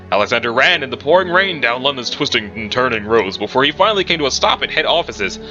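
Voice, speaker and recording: Lively, chatty man reading a story. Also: medium pitch. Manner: chatty asides, self-corrections. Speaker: story reader. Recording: muffled recording with background music.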